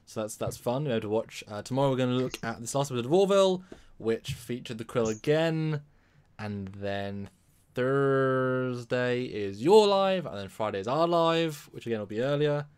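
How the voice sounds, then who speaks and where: A man's voice: medium pitch, animated, a little fast, a little mellow, smooth. A man co-hosting a casual live stream, talking in a rambling way and often restarting his sentences. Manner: rambling, with many restarts and repeated words. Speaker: livestream co-host.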